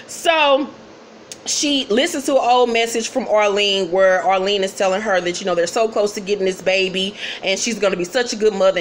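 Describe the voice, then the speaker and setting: A woman giving a casual, animated recap of a TV episode, acting out the characters' lines with laughter and swearing. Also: mid-range voice, slight background noise. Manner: animated storyteller, acts out quotes with laughs and swearing. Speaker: TV recap host.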